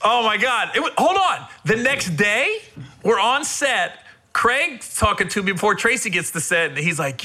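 Animated, very bright-voiced male host. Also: high voice, normal speed. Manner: animated storyteller, laughs often. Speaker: podcast host. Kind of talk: casual interview chat.

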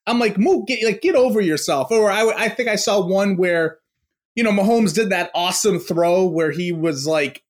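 A man's voice: high voice, normal speed. Ranting, cursing man on a podcast. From New York. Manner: ranting, profane, full of fillers and restarts. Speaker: podcast guest. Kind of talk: casual sports podcast chat.

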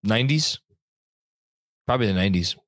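A man's voice: lowish voice, expressive, a little fast, a bit bright, no echo. A young adult man hosting a casual sports live stream from home, reading out viewer comments with a rambling, chatty manner and some swearing. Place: home room at a computer.

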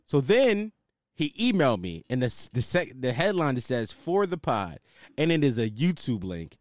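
A man's voice: medium pitch, sing-song, normal speed, no room sound, clean studio sound. A man hosting his own podcast, ranting in a loose, slangy, casual way. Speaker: podcast host. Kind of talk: casual solo podcast rant.

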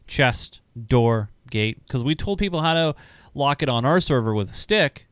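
Male co-host, relaxed chatty delivery, laughs easily, crisp voice, mid pitch. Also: moderate pace, no room sound. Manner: laughs often, repeats himself. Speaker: show co-host. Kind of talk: casual chat, reading viewer questions. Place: home studio.

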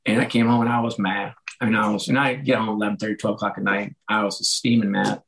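A middle-aged man whose voice is a little hoarse, telling stories in a relaxed conversational way and acting out the lines of the people he quotes. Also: on the low side, fast, poor audio. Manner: animated, acts out quoted dialogue. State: slightly hoarse. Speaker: guest, author and former sports executive. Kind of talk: casual conversational storytelling.

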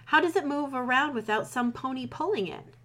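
A woman's voice: high-pitched, brisk, a bit bright, voice pushed up. A woman voicing an eager, curious young female unicorn with a bookish, questioning manner.

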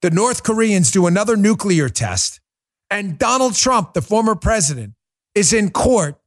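A man's voice: high voice, sing-song, normal speed. A man hosting a political talk show, lecturing listeners in an emphatic, urgent way. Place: Florida.

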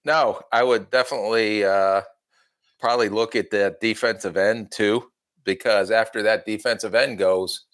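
A man's voice: fairly low pitch, steady tone, moderate pace, fairly bright tone. A middle-aged man, a former football general manager, chatting casually on a podcast and telling folksy stories with a laugh at himself.

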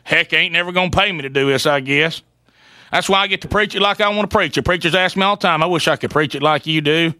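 A man's voice: on the high side, fast, pushed and bright. A man voicing an older small-town radio preacher who rambles and breaks into hallelujahs between sentences. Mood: rambling.

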